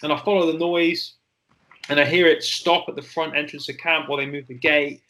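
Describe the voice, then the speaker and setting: A man in his forties recounts his story in a candid, halting way, full of fillers and the odd curse. His voice sits a little high for a man, with a forceful, bright edge. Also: fairly even intonation, poor audio. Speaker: interview guest, former soldier. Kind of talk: personal storytelling in an interview.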